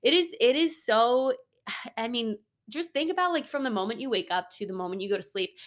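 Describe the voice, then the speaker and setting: A woman's voice: fairly high pitch, a bit bright. Earnest, chatty young woman. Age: 20s. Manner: earnest, chatty, heavy on fillers like "like" and "you know". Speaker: podcast host. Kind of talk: casual solo podcast monologue.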